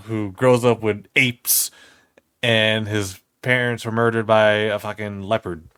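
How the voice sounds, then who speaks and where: A man in his thirties telling stories in an animated way, full of swearing and quick laughs. His voice is fairly low. The recording is dry and close to the mic. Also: dry recording. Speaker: co-host. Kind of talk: casual chat.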